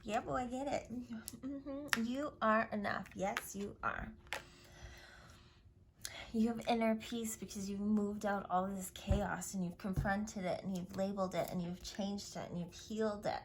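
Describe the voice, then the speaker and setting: A woman's voice: mid-range voice, fairly even intonation, measured pace. Woman tarot reader, mid voice, effusive and affirming, hiss and clicks behind her. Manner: effusive, affirming, drifting into whispers. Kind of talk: spiritual tarot reading.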